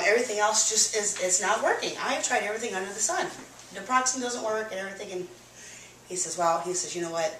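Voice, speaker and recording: A woman's voice: medium pitch, fairly bright tone, slight background noise. A woman giving a nervous, chatty personal testimony to an audience, full of fillers. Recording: echoey room, mic from far off.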